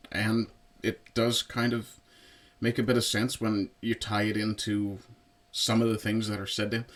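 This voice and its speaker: A man giving a casual spoken film review in a relaxed, conversational way, with lots of fillers and little asides. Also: lowish voice. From Newfoundland, Canada. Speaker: movie reviewer.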